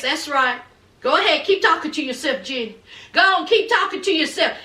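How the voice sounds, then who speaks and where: Sassy, high-voiced, drawling woman vlogger. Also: lively intonation, normal speed, sharp tone. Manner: sassy, drawling, with many asides to the audience. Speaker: reality TV recap vlogger. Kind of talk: casual gossip recap. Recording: echoey room.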